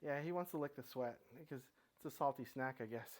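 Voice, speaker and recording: A middle-aged man at home, talking himself through a core workout with halting restarts and breathless pauses between sets. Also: mid-range voice. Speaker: fitness vlogger. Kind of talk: casual workout narration. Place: home room with his dogs.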